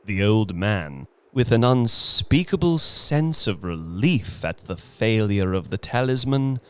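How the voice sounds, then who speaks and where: A man's voice: lowish voice, animated, fairly bright tone, clean tone. A man narrating a suspenseful classic horror tale in a dramatic audiobook reading. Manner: slow, suspenseful storytelling. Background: faint music.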